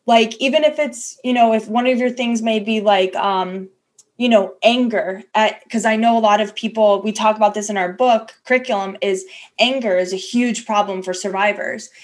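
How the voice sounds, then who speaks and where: A woman co-hosting a podcast in casual chat, candid and self-deprecating, rambling with restarts and acting out her inner voice. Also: a little high. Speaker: podcast co-host.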